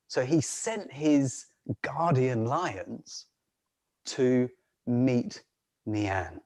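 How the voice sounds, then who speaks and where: A man telling a folk tale on a video call in an unhurried way, with frequent restarts and soft laughs. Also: medium pitch. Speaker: storyteller.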